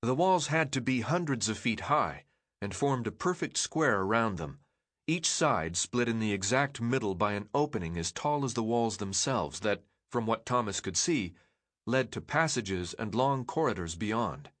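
Male audiobook narrator, lively intonation, dry booth. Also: fairly low pitch, normal speed, no echo. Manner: expressive storytelling.

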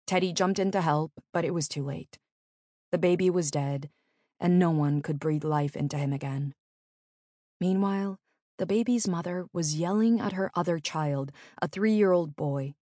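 Low-voiced woman reading her memoir. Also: dark tone, no room sound, clean studio sound. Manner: earnest, measured storytelling. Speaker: memoir narrator. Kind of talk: audiobook memoir narration.

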